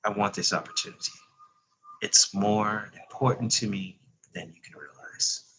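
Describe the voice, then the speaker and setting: A man reading as a calm old male vampire. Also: on the low side, a little hiss or hum, low-quality recording. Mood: composed. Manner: measured, unhurried storytelling. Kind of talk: reading a novel aloud.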